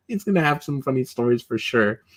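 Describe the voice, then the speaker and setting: A man's voice: mid-range voice, lively intonation, normal speed. A man hosting a casual livestream, rambling and chatty, full of fillers and chuckles. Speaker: livestream host.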